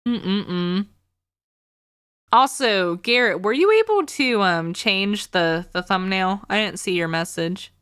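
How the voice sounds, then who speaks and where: A young woman streamer chats casually with a bright, crisp, tense voice. Her talk is sarcastic, with frequent laughter. The sound is dry and close, from a desk mic at home. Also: mid-range voice, slow, no echo. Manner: chatty and sarcastic, laughs often. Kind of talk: casual chat while livestreaming a game.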